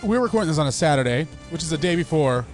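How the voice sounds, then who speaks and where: A man's voice: on the high side, lively intonation, racing, music in the background. A man co-hosting a casual sports and politics podcast, steering the talk with questions. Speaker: podcast co-host and producer.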